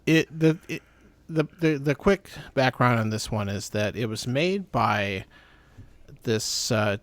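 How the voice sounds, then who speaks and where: A man's voice: medium pitch, expressive, takes it slowly, no echo. A man co-hosting a podcast, chatting in an easygoing way with stammered restarts. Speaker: podcast co-host. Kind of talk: casual chat.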